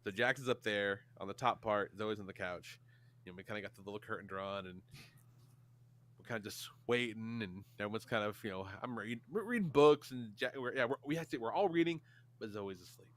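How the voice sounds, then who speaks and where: A man's voice: on the low side, a little fast. A man in his thirties co-hosting a podcast, telling stories and acting out the quotes, swearing freely. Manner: animated storyteller, acts out quotes, swears a lot. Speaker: podcast co-host. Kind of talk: casual chat.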